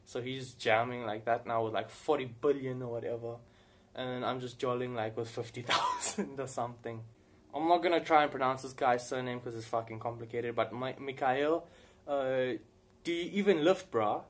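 A man's voice: mid-range voice, fairly even intonation, normal speed. Swearing guy chatting to camera. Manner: rambling, heavy swearing, laughs often. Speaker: gaming YouTuber answering viewer questions. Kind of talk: casual Q&A chat to camera.

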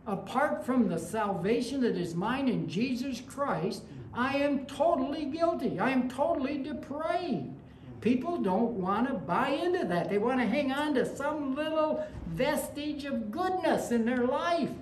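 A woman's voice: high-pitched, lively intonation, measured pace, darkish tone, a little hiss or hum. Conversational woman preacher in an echoey room. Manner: conversational preaching with anecdotes and rising emphasis. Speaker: pastor. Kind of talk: sermon. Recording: echoey room with faint ambience.

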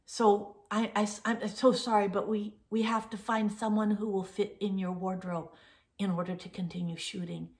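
A woman's voice: mid-range voice, flat delivery, moderate pace. An older woman hosting a casual show, telling a long personal story in a rambling way with many fillers and restarts. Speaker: host.

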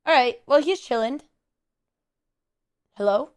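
A young woman streamer with a hoarse, strained voice, chatting casually and playfully cooing at a pet bird. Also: fairly high pitch, animated, normal speed. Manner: playful, coos and sing-songs at a pet bird. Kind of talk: casual live-stream chat.

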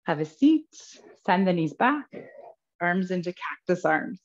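This yoga teacher's voice sits lowish, very animated but a touch slow. Guiding a live class pose by pose, she sounds slightly breathless and chuckles whenever she fumbles, all captured on somewhat muffled lo-fi audio.

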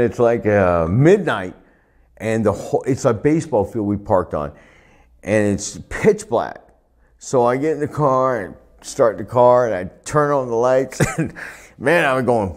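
A retired wrestler telling profane, laughing stories in a sit-down interview, recorded on a lapel mic indoors. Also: male voice, medium pitch. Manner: profane, laughing, animated anecdotes. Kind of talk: storytelling shoot interview.

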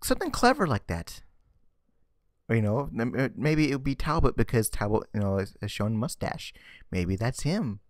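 A man's voice: mid-range voice, moderate pace, a little mellow, no room sound, studio quality. A man ranting sarcastically in a casual vlog commentary, exasperated and often stammering and repeating words. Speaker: vlogger. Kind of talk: ranting comic book commentary.

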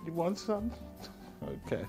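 A man's voice: high-pitched, very animated, measured pace, over music. Chatty, playful man hosting a cooking show. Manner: chatty and playful, hums and chuckles while cooking. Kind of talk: casual cooking demonstration.

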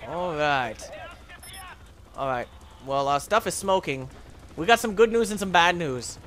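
Excitable jokey man playing a video game. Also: a little high, measured pace, slight background noise. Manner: excitable, jokey, yelps and narrates his own play. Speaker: gaming channel host. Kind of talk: let's play commentary.

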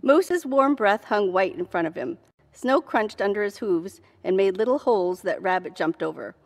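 A woman reading a children's picture book aloud in a church with clear, steady storytelling. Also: medium pitch, normal speed. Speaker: story reader. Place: church hall.

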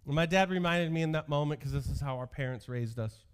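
A man's voice: a little high, fast, smooth. A male pastor in his thirties giving a sermon, telling stories from his youth with self-deprecating humor.

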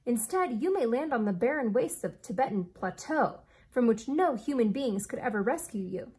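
A woman reading aloud as an eccentric male inventor who speaks in a formal, old-fashioned, deliberate way. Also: fairly high pitch, animated, darkish tone, breathy edge.

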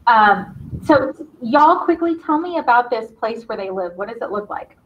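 A woman teacher leading her class and reading a play's stage directions aloud in a brisk, encouraging way. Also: fairly high pitch, expressive, a little hiss or hum. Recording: slightly dull lo-fi sound.

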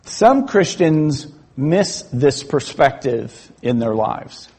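A man preaching a sermon in a church, telling a story slowly and acting out the people in it. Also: medium pitch, big pitch swings, darkish tone, husky. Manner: storytelling with acted-out quotes, slow and measured.

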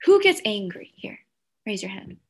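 A woman children's pastor preaching to kids, animated and asking the room questions. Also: mid-range voice, normal speed, husky. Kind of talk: children's sermon.

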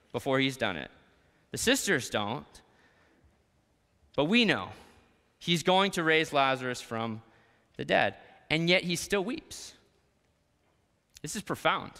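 A man preaching a sermon as a pastor, moving between quiet, tender lines and emphatic ones. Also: a little high, lively intonation, measured pace, long pauses, big-room sound. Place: church sanctuary.

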